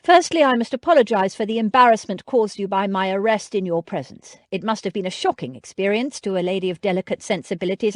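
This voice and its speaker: A woman reading a courteous, formal letter written by a noble gentleman in an audiobook. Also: mid-range voice, no echo, clean studio sound, lightly acted.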